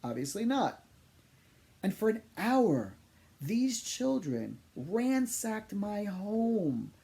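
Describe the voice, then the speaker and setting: A man working as a psychic medium, telling funny personal stories in an animated, exaggerating way. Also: high-pitched, extremely slow, creaky. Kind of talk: humorous personal storytelling.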